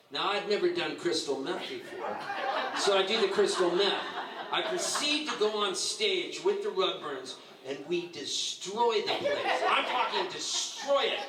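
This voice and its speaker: Over a noisy crowd, a man in his sixties with a high voice talks a little slowly as he gives a roast tribute in a bar with a live audience. He tells stories animatedly, laughs, and performs other people's lines. Captured from a distance, the audio is echoey and full of background noise.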